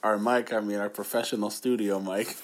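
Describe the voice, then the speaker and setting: Loud joking young man on a phone mic. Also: fairly low pitch, little pitch movement. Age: young adult. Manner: loud, joking, swearing, quick to laugh. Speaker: podcast co-host. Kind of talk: casual chat.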